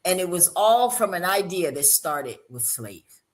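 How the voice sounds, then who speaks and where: A woman from Alabama with a Southern accent, hosting a casual panel chat with lively, teasing, folksy talk. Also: on the low side, measured pace. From Monroeville, Alabama. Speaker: show host.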